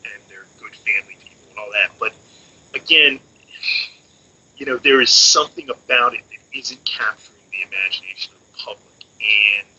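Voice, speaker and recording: Male co-host, very bright sharp tone, halting delivery, lo-fi hissy line. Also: mid-range voice. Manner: halting, many restarts and fillers. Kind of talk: casual discussion podcast. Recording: dull lo-fi audio with faint hiss.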